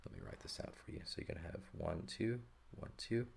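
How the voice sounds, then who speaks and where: A man with a notably deep, low-pitched voice walks through a grammar lesson at a steady teaching pace. He explains patiently, pausing to check understanding with frequent "okay?" and "right?". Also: creaky, husky. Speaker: Greek teacher. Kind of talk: recorded textbook lesson.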